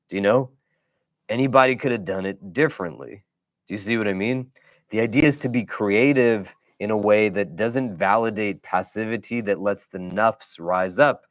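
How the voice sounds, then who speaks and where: A man's voice: fairly low pitch, no echo. A middle-aged man from the United States, an imam giving a weekly religious lecture in a casual, conversational way, often checking in with "do you know?".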